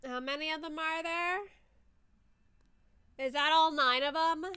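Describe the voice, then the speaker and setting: A woman streamer giving chatty, excitable live commentary over a film, swearing when she gets worked up. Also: high voice, unhurried, no echo.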